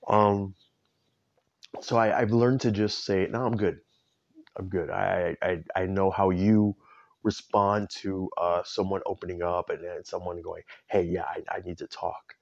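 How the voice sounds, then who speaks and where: A man's voice: low voice, level tone, a little slow, vocal fry, darkish tone, highs cut off. A man rambling through a candid personal vent, tearful and stumbling over his words. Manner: rambling, self-interrupting, candid. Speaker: vlogger. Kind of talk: personal emotional vent to camera.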